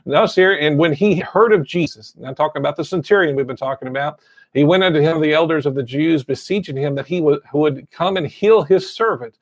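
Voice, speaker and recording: A pastor preaching a sermon, retelling a story and saying amen again and again. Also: male voice, a little high, fairly quick, no echo. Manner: repeats amen often, storytelling.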